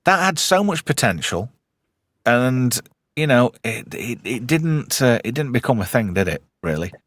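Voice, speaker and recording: A man from the north of England hosts a loose chat, joking and swearing as he goes. His pitch swings a lot, and his voice sits close and dry with no room around it. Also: a little slow, no echo. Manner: animated, swearing, jokey banter. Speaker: host. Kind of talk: casual chat.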